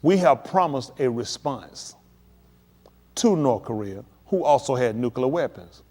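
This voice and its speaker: A man preaching on a livestream, emphatic and addressing his listeners directly, building to excited peaks. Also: mid-range voice, unhurried. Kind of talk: livestream preaching on world events.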